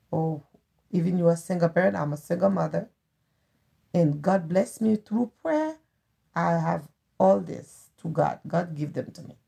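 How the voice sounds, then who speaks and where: A middle-aged woman with a Haitian accent, raised speaking Creole, talks in a heartfelt, earnest way and circles back over her own words. Her voice is deeply gravelly and husky, and it sits slightly low. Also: darkish tone. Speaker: guest, host's mother. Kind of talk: casual conversation.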